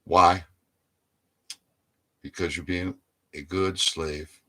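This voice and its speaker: Man, low voice, preachy, exhorting, political rant, loud emphatic outbursts. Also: a little slow, a little hiss or hum. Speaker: online commentator.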